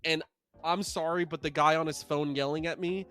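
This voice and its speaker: Male podcast host, high voice, animated self-deprecating storyteller. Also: moderate pace, clean tone. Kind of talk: casual storytelling chat.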